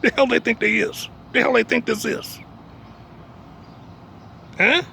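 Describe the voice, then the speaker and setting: High, gravelly preaching man. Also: steady tone, measured pace, pushed and bright, slight background noise. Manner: emphatic, repeats "you understand me?"; blunt, streetwise, jokes between points. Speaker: religious teacher. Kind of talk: preaching talk.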